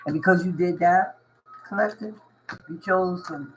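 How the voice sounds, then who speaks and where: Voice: mid-range voice, normal speed, slight background noise, low-quality recording. A tarot reader giving a casual reading to viewers, slangy and reassuring, often repeating phrases and laughing. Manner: reassuring, coaching tone.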